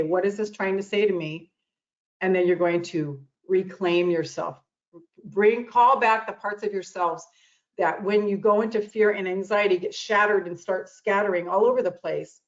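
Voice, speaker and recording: Woman doing a heartfelt self-help talk, repeats herself for emphasis, kinda dull lo-fi sound. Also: lowish voice. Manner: earnest, repeats phrases for emphasis. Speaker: guest speaker on self-love and anxiety. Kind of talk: motivational talk.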